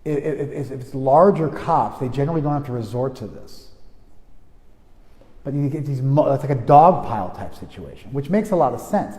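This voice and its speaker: Man, spiritual teacher, casual group talk, restarts and checks with listeners, middle-pitched voice, lingering reverb. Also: lively intonation, normal speed, dark tone. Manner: conversational, frequent restarts, checks listeners with "you follow?".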